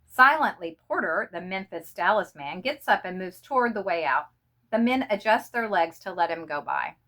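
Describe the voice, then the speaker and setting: A woman reads a short story aloud, narrating with expressive, dramatic delivery. Her voice is bright and forceful, at a middle pitch for a woman. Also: moderate pace. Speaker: reader.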